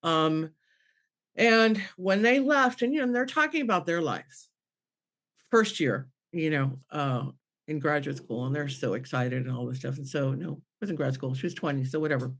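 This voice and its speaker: A woman's voice: low-pitched, normal speed. A middle-aged woman, a medium on a panel podcast, telling an emotional personal story, acting out quoted voices and restarting her sentences. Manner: acts out quoted voices, restarts, laughs through tears.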